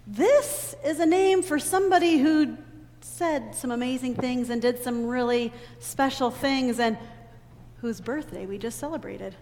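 A woman leading a children's sermon in a church sanctuary, talking in an animated, teacherly way and having the children repeat lines after her. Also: high voice, unhurried. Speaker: children's message leader. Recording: long reverb in a big church hall, faint ambient noise.

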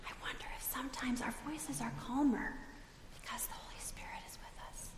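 A woman giving an animated, playful children's sermon in church, laughing often as she talks with the kids. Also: sits high. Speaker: children's message leader at church. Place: church sanctuary. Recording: echoey church hall with long reverb.

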